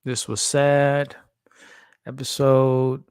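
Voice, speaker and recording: A man's voice: mid-range voice, level tone, very slow, a little mellow, clean tone, dry recording, clean studio sound. A man hosting a live reaction stream, talking candidly and chatting directly with his viewers. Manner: candid, chatty, talks straight to the live chat. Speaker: host.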